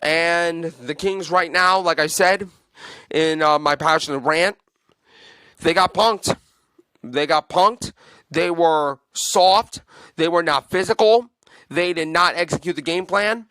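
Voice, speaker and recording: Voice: mid-range voice, slow pace, fairly bright tone, smooth, dry recording. A sports podcast host giving an opinionated, emphatic take on a basketball game, repeating points for force. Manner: emphatic and repetitive, hammering points home; fan venting, then reading out game stats.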